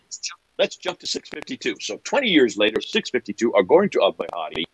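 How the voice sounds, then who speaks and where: A man's voice: fairly low pitch, wildly swooping pitch, fast talker, breathy edge, no echo, poor audio. A middle-aged man talking as a guest speaker, explaining at length with incredulous asides and checking that the listener follows. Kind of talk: animated explanatory talk.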